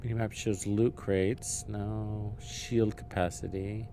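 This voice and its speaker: A man live-streaming a game, chatting casually, thinking out loud and swearing freely as he learns the menus. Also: lowish voice, flat delivery, takes it slowly, noisy background.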